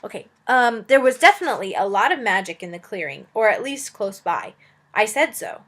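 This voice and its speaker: A woman teacher reads a children's novel aloud, stopping now and then to chat with her listeners. Her reading is expressive, and her pitch rises and falls in a lively way. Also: brisk. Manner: expressive, with chatty asides to listeners.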